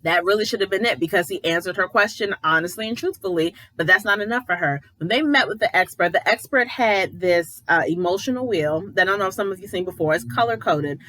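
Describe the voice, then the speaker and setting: A woman's voice: mid-range voice, quick pace, few pauses, pushed and bright, rough recording. A woman giving a casual, opinionated recap of a reality show, retelling scenes and quoting people as she goes. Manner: chatty, opinionated, retells scenes with quoted voices. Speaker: editor.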